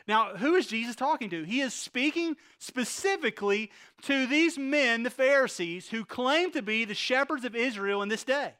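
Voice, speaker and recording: A man's voice: high voice, pushed and bright. A male pastor preaching a sermon, retelling a story and asking the congregation rhetorical questions, often repeating words as he goes.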